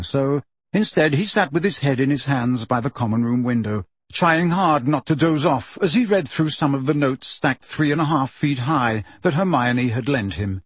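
A man narrating an audiobook in steady storytelling. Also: mid-range voice, slightly rough, no echo. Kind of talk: scripted narration.

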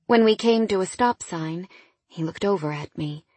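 Woman reading a romance novel first person, breathy lowish voice, dry close mic. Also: normal speed, a little mellow, no echo. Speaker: audiobook narrator.

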